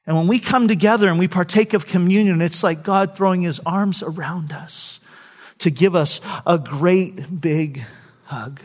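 An older man preaching a sermon, telling stories and dropping from loud preaching to soft, hushed lines. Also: high-pitched, a little slow. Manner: storytelling, swings from loud preaching to soft near-whispers. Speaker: pastor.

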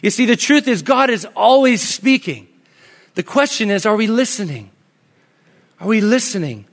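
A man in his thirties, a pastor preaching a sermon in a conversational storytelling way, dropping to soft, quiet tones when he tells personal stories. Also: sits high, sing-song, moderate pace. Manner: conversational storytelling, drops to soft near-whispers in anecdotes.

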